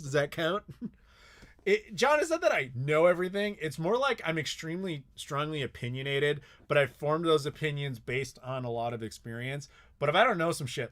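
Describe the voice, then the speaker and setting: A man hosting a live Q&A, telling stories in a blunt, profane, animated way. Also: a little high. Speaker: host answering live chat questions. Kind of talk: casual live Q&A chat.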